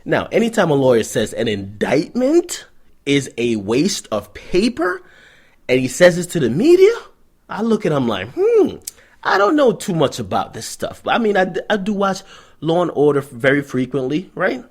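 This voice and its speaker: A young man delivers a profane, sarcastic rant for his commentary vlog. His pitch sits a bit high for a man and swings widely from line to line. His voice has a husky, slightly breathy grain. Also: normal speed. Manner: profane, sarcastic, animated storytelling. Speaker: vlog host and hip-hop commentator. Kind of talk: ranting news commentary vlog.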